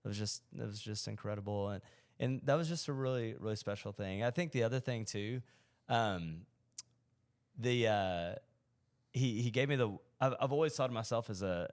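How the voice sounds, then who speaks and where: Animated male podcast storyteller. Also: lowish voice, normal speed. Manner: storytelling, animated, many restarts. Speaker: podcast co-host. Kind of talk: casual faith podcast chat.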